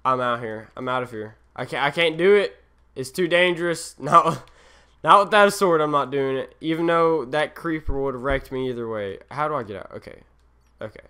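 A young man talks his way through a session of his game, rambling and poking fun at himself as he wanders between tasks. His voice is bright and forceful, with a smooth, crisp tone. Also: medium pitch, expressive, brisk. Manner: rambling, self-mocking, easily distracted. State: tired. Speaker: gaming channel host. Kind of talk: Let's Play commentary.

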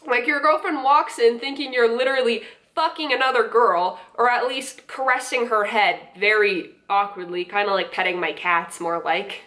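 A woman's voice: on the high side, normal speed, sharp tone. A woman giving blunt, profane commentary on prank videos, laughing at her own remarks. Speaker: YouTuber reacting to prank videos. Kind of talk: casual commentary.

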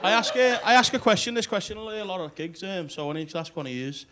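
A man with a Liverpool accent doing deadpan, cheeky live stand-up on a club stage with a handheld mic, bantering with the crowd. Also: high voice, fast talker. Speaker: stand-up comedian. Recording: live club recording with loud room noise.

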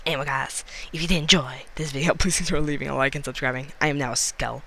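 A man's voice: medium pitch, steady tone, fast, vocal fry, sharp tone, slight background noise. A man hosting a gaming channel, giving playful, jokey let's-play commentary into a desk mic and exclaiming often.

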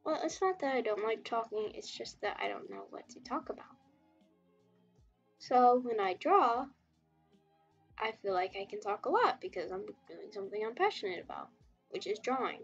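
A woman's voice: on the high side, big pitch swings, normal speed, husky, highs cut off, soft background music. A woman streaming while she draws, chatting casually and rambling as she reacts to chat, with frequent giggles. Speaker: webtoon artist streamer.

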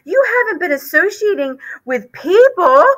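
A woman's voice: extremely high pitch, sing-song, moderate pace, a bit bright, pitched above the performer's own voice, heavily acted, rough recording. A woman doing a fretful mother mouse. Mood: anxious. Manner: anxious, pleading. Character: fussy, worried mother mouse.

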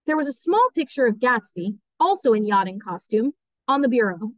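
A woman teacher reading a novel aloud as audiobook narration, steady and clear. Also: a little high, moderate pace, no echo, rough recording.

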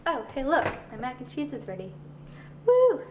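A woman's voice: high voice, animated, quick pace, a little hiss or hum. A teenage girl chatting casually as she films herself at home on a handheld camera, narrating what she does. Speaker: vlogger. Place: home kitchen, indoors.

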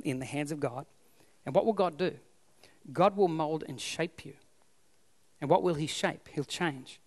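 A man's voice: on the high side, in a large hall. An Australian man preaching a sermon as pastor, emphatic and repeating his key phrases.

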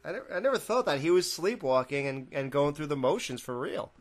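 A man's voice: on the high side, brisk. A man co-hosting a podcast, recapping a sitcom episode in a laid-back, rambling way and laughing often. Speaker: podcast co-host.

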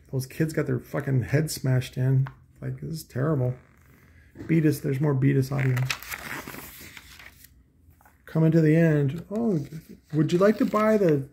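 Middle-aged man, gravelly and dark, crude sarcastic vlogger, faint background hiss. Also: medium pitch. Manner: crude, sarcastic, mocking, with scoffing asides. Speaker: vlogger reviewing audio magazine. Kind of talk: casual profane rambling commentary.

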